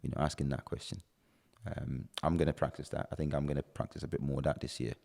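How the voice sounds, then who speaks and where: A man's voice: very deep voice, little pitch movement, fast talker, gravelly, a little mellow. A man hosting a podcast, talking in an earnest, reflective way. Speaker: podcast host. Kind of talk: casual chat. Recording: reverberant room.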